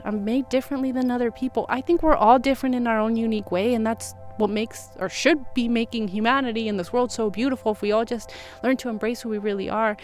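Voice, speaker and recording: A young woman in a casual vlog, talking gently and reflectively about kindness to herself, with soothing asides. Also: fairly high pitch. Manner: gentle, reflective, soothing when quoting self-talk. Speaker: vlogger. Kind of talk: casual self-help talk to camera.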